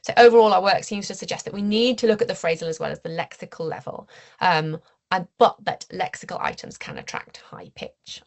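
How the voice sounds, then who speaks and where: A woman presents her research findings at an academic seminar. Her voice sits low and has a gravelly fry to it. She explains things steadily, pausing on ums and restarting phrases as she goes.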